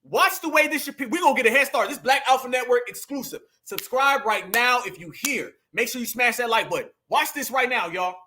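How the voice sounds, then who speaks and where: A man hosts a talk stream, reacting to clips and speaking straight to his audience. His voice sits very high and rings bright and forceful. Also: fairly quick, few pauses. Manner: animated, addresses viewers as family and y'all. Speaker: host of a political commentary channel. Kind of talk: casual commentary reacting to clips.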